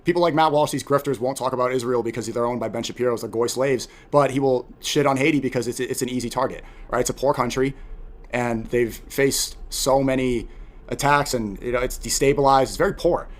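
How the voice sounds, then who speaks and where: A man's voice: mid-range voice, fairly even intonation, brisk. A young man in casual chat as a content creator, talking emphatically and animatedly, often repeating words. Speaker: podcast guest, content creator.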